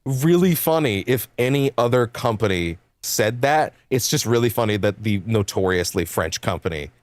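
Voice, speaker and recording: A young adult man streaming games, chatting casually in a rambling, animated way, laughing often and swearing freely. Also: lowish voice, moderate pace, no room sound. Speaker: game streamer. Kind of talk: casual chat while livestreaming.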